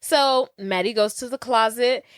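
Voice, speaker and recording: A woman in her thirties co-hosting a podcast, casually retelling a film's plot in an animated way. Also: fairly high pitch, measured pace, clean tone, no echo. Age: 30s. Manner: animated, acts out characters' lines. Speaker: podcast co-host. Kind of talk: casual chat retelling a film.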